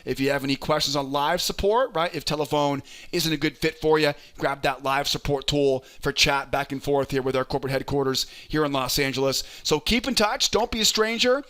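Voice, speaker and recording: Bright-voiced man coaching traders. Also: fairly high pitch, fairly quick. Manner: energetic, keeps asking "right?"; coaching, urges patience. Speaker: trading educator and host. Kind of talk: chart walkthrough lesson.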